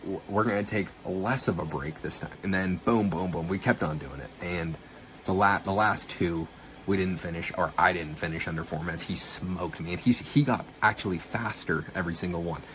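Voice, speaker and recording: A man's voice: low-pitched, normal speed, a bit bright, a little hiss or hum. A man casually telling a personal story to the camera, swearing now and then and acting out quoted dialogue. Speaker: vlogger.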